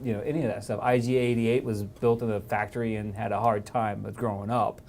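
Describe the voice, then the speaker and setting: A man's voice: lowish voice, flat delivery, a little fast, a little mellow. A man in a casual movie podcast chat, blunt and dismissive about what he dislikes.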